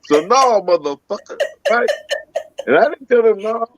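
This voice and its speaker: A man's voice: high-pitched, expressive, moderate pace, noisy background. A man telling a profane, punchy story as a comedy panelist. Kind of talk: casual storytelling. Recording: dull dry mic.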